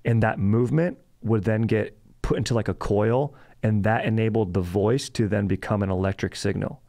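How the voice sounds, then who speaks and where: A man's voice: lowish voice, normal speed, mellow, no room sound, studio quality. A young adult man hosting a comedy podcast, rambling casually with fillers and swearing. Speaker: podcast host.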